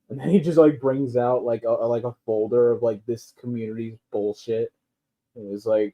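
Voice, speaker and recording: A man's voice: mid-range voice, moderate pace. Rambling, profane man ranting casually. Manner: rambling, profane, loose delivery with frequent fillers and laughs. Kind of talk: casual rant. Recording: dull lo-fi recording.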